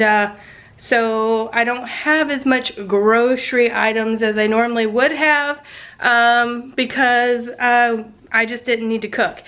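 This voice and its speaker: Stuffed-up mom vlogging from home, kinda high voice, rambling and self-deprecating. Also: female voice, a bit bright. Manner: chatty, many ums, self-deprecating. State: congested. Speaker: family vlogger. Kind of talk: casual chat to camera.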